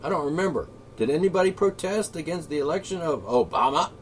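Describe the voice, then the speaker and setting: A man delivering an angry, profane solo rant, sarcastic and swinging between shouting and muttering. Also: fairly high pitch, expressive, fast talker, a little hiss or hum. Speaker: political commentator.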